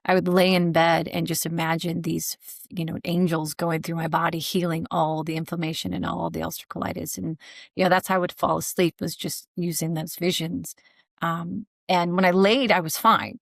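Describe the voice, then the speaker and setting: A woman's voice: on the low side, level tone, normal speed, vocal fry, no echo, studio quality. A woman guest on a podcast, telling a personal story candidly, with a joking streak and many "you know" fillers.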